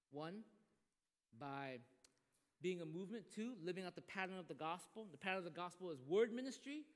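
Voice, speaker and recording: Male pastor, high lively voice, animated sermon delivery, long reverb of a church hall. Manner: animated, acts out quoted voices.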